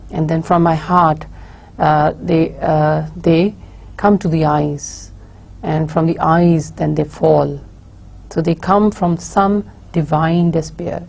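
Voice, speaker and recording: A woman lecturer talks at an unhurried pace and keeps stopping to restart her sentences. Her voice is low, with a gravelly, husky edge. It sounds dark and mellow rather than bright. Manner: slow, halting explanation with frequent "uh" fillers and restarts. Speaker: university lecturer. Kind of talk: recorded lecture.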